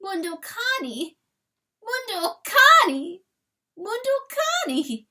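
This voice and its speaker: A woman's voice: very high voice, big pitch swings, slow pace, pushed and bright, pitched above the performer's own voice, full character voice. A woman voicing a grieving male rooster lord who wails and shrieks in anguish in a storybook reading. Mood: wailing grief.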